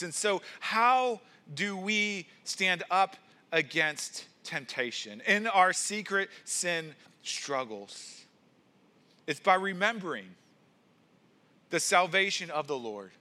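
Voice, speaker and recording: A pastor preaches with earnest conviction, his voice pitched high for a man. His tone is bright and forward, and he often doubles words as he drives a point home. The delivery is a sermon through and through. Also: lively intonation, slow. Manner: earnest preaching with rising emphasis and repeated words.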